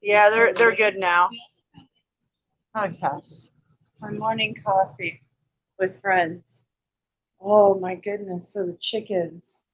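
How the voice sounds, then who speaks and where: A woman's voice: medium pitch, fairly even intonation, slow, pauses often, husky, no echo, dull audio. A woman chatting casually to her viewers in a morning vlog, rambling with lots of restarts. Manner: rambling, talks to viewers and animals, many restarts. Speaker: vlogger.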